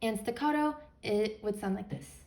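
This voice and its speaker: A woman's voice: mid-range voice, normal speed, dark tone. A woman patiently explaining beginner music theory step by step, as a teacher.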